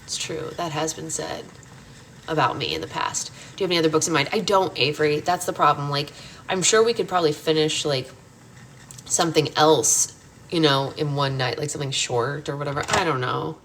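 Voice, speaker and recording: A young woman with a low voice hosts a livestream, casually answering viewer comments as they arrive. She rambles playfully and teases herself with mock boasts, speaking fairly quickly with a fairly bright tone. The sound is roomy, with a faint hiss beneath her voice.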